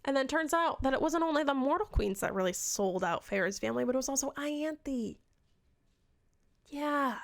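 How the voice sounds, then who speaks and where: A woman giving an animated, sarcastic book recap in a casual vlog, swearing often. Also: high-pitched, normal speed, creaky. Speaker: book reviewer.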